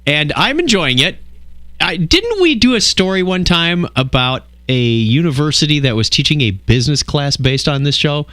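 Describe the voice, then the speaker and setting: Lively high-voiced man hosting a podcast. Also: moderate pace, dry recording. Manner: lively, reads history items aloud. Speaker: podcast host. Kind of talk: casual group chat.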